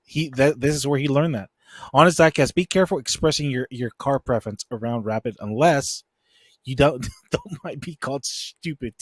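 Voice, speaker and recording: A man's voice: medium pitch, moderate pace, dry recording, studio quality. A man hosting a podcast in casual chat, laid-back, laughing often and reading out viewer comments. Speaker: podcast host.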